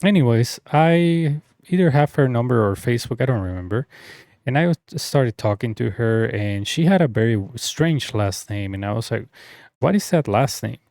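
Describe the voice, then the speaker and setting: A man's voice: medium pitch, lively intonation, moderate pace, a little mellow, no room sound, studio quality. A young man telling a personal story in a casual, rambling way, full of fillers and restarts. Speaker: story reader.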